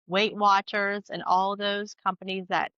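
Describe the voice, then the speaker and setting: On a casual podcast chat over a video call, a woman fitness coach wearing earphones tells lively stories and acts out what her clients say. Her mid-range voice is a little slow, clear and resonant, with no echo, though the highs are cut off.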